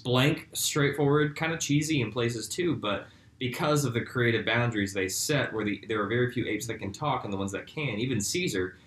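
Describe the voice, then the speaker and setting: A man's voice: medium pitch, normal speed, a bit bright, recorded from a distance. A man co-hosting a casual film podcast who lays out his arguments step by step. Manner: analytical, builds arguments step by step. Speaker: podcast co-host. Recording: roomy echo.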